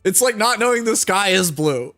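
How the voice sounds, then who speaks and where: This thirtysomething streamer chats casually with his audience in a high, expressive, bright voice at a normal speed. He wanders between asides, leans on filler words, and laughs a lot over faint background music.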